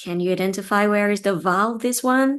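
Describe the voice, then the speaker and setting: A young woman with a Thai accent, a native Thai speaker, patiently teaching beginners to read Thai. She explains step by step and repeats each word slowly for learners to follow. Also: medium pitch, a bit bright. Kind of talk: step-by-step reading lesson.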